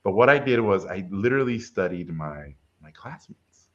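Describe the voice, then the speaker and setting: A middle-aged man who directs films recounts a personal experience in an informal interview, doing lively impressions of the people in it. His pitch is fairly low and his speed normal, and the recording comes through with a dull, lo-fi quality.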